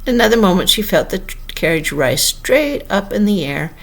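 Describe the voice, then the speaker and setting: A woman narrating a classic storybook aloud as an audiobook, in an expressive, unhurried manner. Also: medium pitch, gravelly. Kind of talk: audiobook reading.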